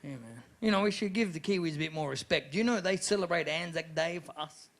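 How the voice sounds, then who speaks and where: A man's voice: a little high, quick pace. A man doing crude, chatty live stand-up comedy and laughing at his own jokes. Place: comedy venue before a live audience. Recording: live venue recording with room noise.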